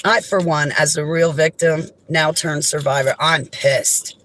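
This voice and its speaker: A woman speaking straight to her viewers in an impassioned, emphatic monologue. Her indignation comes through in raised outbursts that drop into low, heavy lines. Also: steady tone, normal speed, a bit bright, a little hiss or hum, low-quality recording. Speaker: vlogger. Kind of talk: direct-to-camera monologue.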